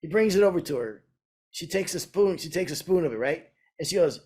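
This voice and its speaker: A man's voice: on the high side, animated, fairly quick, darkish tone, husky. An older man co-hosting a podcast, telling a story in a chatty, hesitant way. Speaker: podcast co-host, flooring contractor. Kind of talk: casual storytelling.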